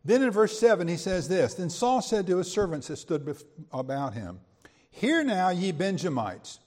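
A man's voice: sits high, very animated, normal speed, darkish tone, big-room sound. A man teaching a verse-by-verse Bible sermon in a conversational way, with quips and rhetorical questions. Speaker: preacher.

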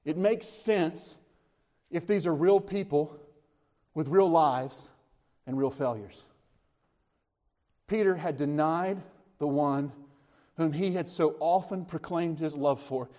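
A man's voice: takes it slowly, long pauses. A man preaching a sermon, retelling scripture as a story, asking his listeners questions and lifting his voice when he speaks the disciples' lines. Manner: animated storytelling, voices the disciples' words with rising pitch; conversational, asks the listeners questions.

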